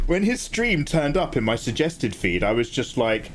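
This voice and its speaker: A man chatting casually with viewers while he draws on a livestream, getting excited, swearing freely and thanking people by name. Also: on the high side, fast talker, few pauses, slight background noise. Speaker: livestreaming artist.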